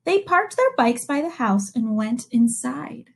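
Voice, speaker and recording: A woman's voice: fairly high pitch, a little slow, vocal fry, background noise. A young woman teacher reading a picture book aloud to children and asking them questions along the way. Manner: animated storytelling with questions to young listeners.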